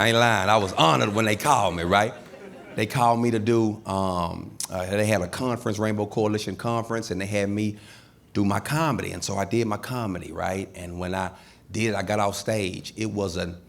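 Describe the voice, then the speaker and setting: A man's voice: on the low side, normal speed, creaky. A middle-aged man doing a stand-up comedy routine on stage, animatedly telling stories and acting out the people in them. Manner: animated storytelling, acts out quoted people. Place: comedy stage before a live audience.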